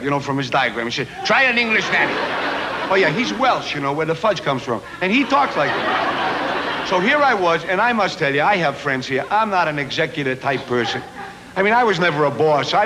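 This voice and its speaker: A man's voice: on the high side, bright, forceful tone. A middle-aged man doing a chatty, self-mocking stand-up comedy monologue built on punchlines. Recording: noisy old 1970s TV recording.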